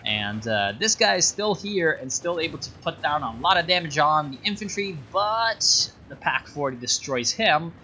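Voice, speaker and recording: Dude casting a strategy game, snarky and rambly, bright voice, faint room hum behind. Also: male voice, fairly high pitch, very animated, moderate pace, few pauses. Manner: sarcastic, rambling with fillers. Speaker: game caster. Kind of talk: casual game commentary.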